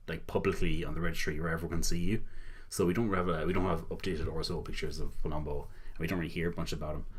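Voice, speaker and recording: A young man with an Irish accent chats loosely over a clip, low and husky in tone. He rambles, laughs often and drops a casual swear now and then. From Ireland. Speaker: reaction video host. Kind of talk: casual reaction commentary.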